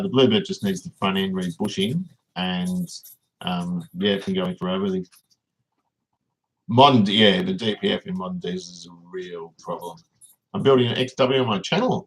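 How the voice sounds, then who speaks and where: Gravelly low Australian bloke rambling on stream. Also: male voice, poor audio. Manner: rambling, reads chat comments aloud and answers them. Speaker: livestream host. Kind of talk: casual livestream chat.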